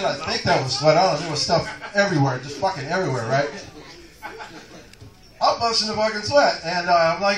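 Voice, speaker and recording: A man's voice: high voice, expressive, brisk, sharp tone. A man doing a rambling, profane stand-up set in a comedy club. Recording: echoey club, taped from far off.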